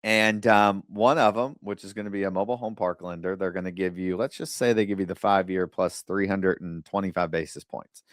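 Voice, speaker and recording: A man hosting a podcast, giving casual advice in a blunt, animated way with the odd curse word, acting out other people's lines in quick asides. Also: deep voice, no echo, clean studio sound. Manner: blunt, animated storytelling with occasional swearing. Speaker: podcast host.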